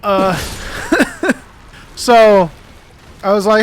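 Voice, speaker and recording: A man's voice: fairly high pitch, unhurried, a bit bright. A man hosting a gaming channel, chatting casually and laughing often as he rambles through a story. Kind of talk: casual chat while gaming.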